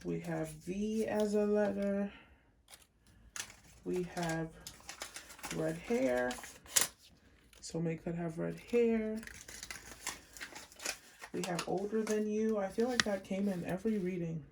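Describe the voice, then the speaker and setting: A woman giving a casual pick-a-card tarot reading, chatty and unhurried as she lists card words one by one. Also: medium pitch, creaky, noisy background. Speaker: tarot reader.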